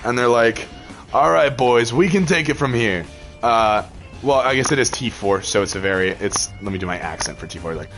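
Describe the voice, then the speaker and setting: A man's voice: mid-range voice, moderate pace, a bit bright, faint music behind. A man chatting casually over gameplay, rambling through a story with lots of fillers and laughs. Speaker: gaming channel host.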